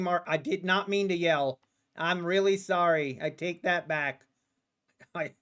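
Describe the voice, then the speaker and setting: High-voiced, unhurried playful male streamer. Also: a bit bright. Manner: playful and sarcastic, talks to the market directly, laughs often. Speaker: day trader streaming live. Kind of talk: casual livestream commentary.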